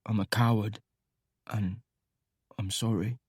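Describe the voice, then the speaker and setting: A man voicing a shy, remorseful teenage boy who confesses in a hushed, halting whisper. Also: on the low side, flat delivery, husky, no room sound, studio quality, pitched below the performer's own voice.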